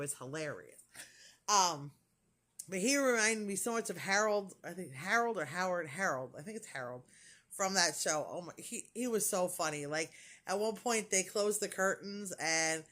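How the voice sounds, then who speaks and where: A woman's voice: on the low side, a bit bright. Gushing, rambling woman vlogger. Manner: gushing, rambling storytelling with many fillers. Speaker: crafting vlogger. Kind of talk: casual chat.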